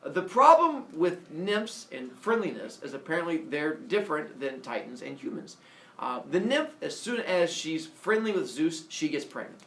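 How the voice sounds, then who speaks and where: Guy telling a myth like a comedy bit, lively pitch, lots of uhs, echoey room far from the mic. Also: moderate pace. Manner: animated, jokey asides, many fillers. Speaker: storyteller. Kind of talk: casual comic myth storytelling.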